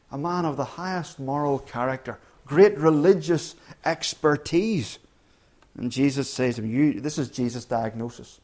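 A man preaching a sermon in an earnest, emphatic way, restarting phrases and hitting key words hard. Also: medium pitch. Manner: earnest, emphatic, with frequent restarts and sudden loud stresses.

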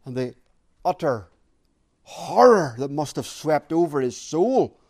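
A man preaching a sermon, earnest and deliberate, repeating key phrases for emphasis. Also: fairly high pitch, sing-song, darkish tone.

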